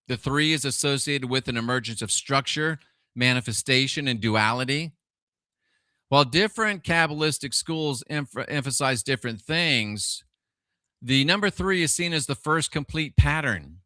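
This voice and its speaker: A middle-aged man hosting a live stream, his voice very bright and sharp. He keeps asking rhetorical questions and greets viewers by name. The sound is dry and close, with no room echo. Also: mid-range voice, animated, moderate pace. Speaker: livestream host.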